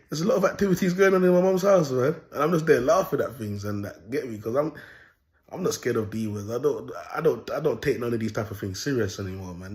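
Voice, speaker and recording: A man's voice: mid-range voice, darkish tone. A young man talking casually to his viewers, rambling and boastful, full of slang and repeated phrases. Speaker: vlogger. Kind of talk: casual monologue to camera.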